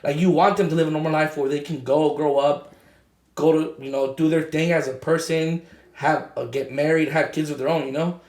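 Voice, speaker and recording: A young man talking in casual chat as a podcast co-host, halting and full of fillers and restarts. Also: on the high side, steady tone, darkish tone, reverberant.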